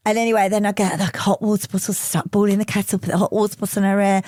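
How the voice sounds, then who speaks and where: A woman hosting a podcast, telling a story in a lively way, laughing and acting out quoted voices. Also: medium pitch, rapid-fire, dry recording, clean studio sound. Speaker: podcast co-host. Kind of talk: casual storytelling chat.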